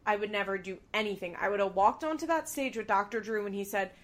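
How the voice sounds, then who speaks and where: Animated swearing woman podcast co-host. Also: mid-range voice, quick pace, hardly any pauses. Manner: animated, swears freely, acts out quotes. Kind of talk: casual reality-TV recap chat.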